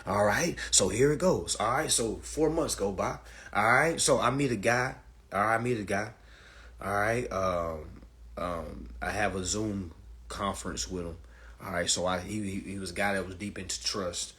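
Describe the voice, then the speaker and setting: Speaking to an online audience, a storyteller with a lowish, husky, slightly bright voice at a moderate pace tells a long, profane story. He is emphatic and repetitive, often saying "all right" and "y'all."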